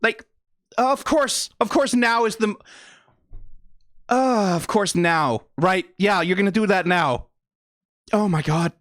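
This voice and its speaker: A channel host giving excitable, profane, rambling reaction commentary on an animated episode. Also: mid-range voice, slow, long pauses, no echo, clean studio sound. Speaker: video reactor.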